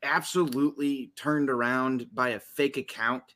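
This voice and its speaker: A man hosting a casual sports podcast, telling stories in an animated, teasing way. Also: medium pitch, moderate pace, over a noisy crowd. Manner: animated storytelling, excitable teasing. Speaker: podcast host.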